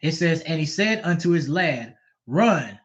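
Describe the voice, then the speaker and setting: Reading scripture aloud, this male Bible teacher explains each passage in animated, informal talk and keeps checking that his audience understands. He speaks unhurriedly in a high-pitched voice over a muffled, low-fidelity recording.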